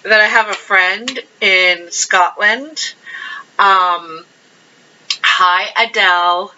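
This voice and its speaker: A woman's voice: mid-range voice, extremely slow, pushed and bright. A woman giving a casual monthly tarot reading, chatty and rambling as she thinks aloud over the cards. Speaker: tarot card reader. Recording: dull lo-fi sound.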